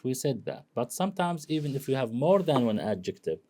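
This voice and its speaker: A man lecturing on English grammar, explaining slowly and filling pauses with "you know" and "okay?". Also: mid-range voice, sing-song, a little mellow. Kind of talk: recorded classroom lecture.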